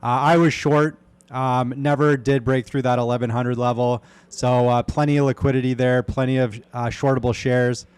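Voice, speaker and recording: A man's voice: mid-range voice, level tone, normal speed, darkish tone, smooth, dry recording. A man who is a trader on the show, chatting in a laid-back, joking way. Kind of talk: casual livestream chat.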